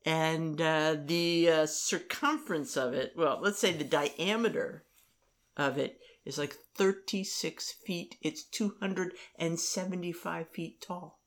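Rambling middle-aged woman, halting chat. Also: low-pitched. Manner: rambling, halting restarts and fillers. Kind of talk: casual conversation.

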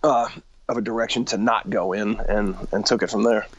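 A man's voice: lowish voice, fairly even intonation, fairly quick, slight background noise. Earnest male singer on a dull line. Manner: earnest, frank, stumbling restarts. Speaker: singer, guest. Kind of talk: casual interview chat.

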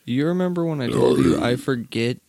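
A man's voice: medium pitch, expressive, brisk, warm tone. A man co-hosting a podcast, trading crude, teasing banter in casual chat. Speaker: podcast co-host.

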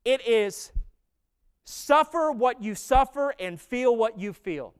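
High-voiced, smooth-toned man preaching. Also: lively intonation. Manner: conversational preaching, rising to emphatic, slow, stressed lines. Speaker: pastor. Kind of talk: sermon.

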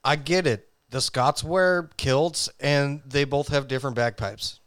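A man's voice: mid-range voice, a little slow, fairly bright tone, clear, resonant tone, no room sound, clean studio sound. A man co-hosting a casual podcast, telling a history story in a jokey way and laughing often. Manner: jokey, laughs often, reads facts loosely.

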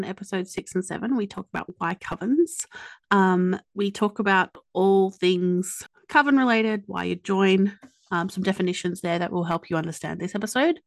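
A woman with an Australian accent hosting a podcast, chatty and quick to joke at her own expense. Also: mid-range voice, no room sound. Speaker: podcast host. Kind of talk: casual podcast chat and scripted intro.

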